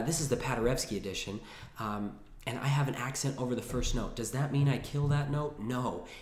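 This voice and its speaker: In a room with a piano, a male piano teacher with a medium, slightly mellow voice gives a casual lesson. He's chatty, thinking aloud with restarts, singing phrases between words and demonstrating as he goes. The recording has a roomy echo, with piano played between his phrases.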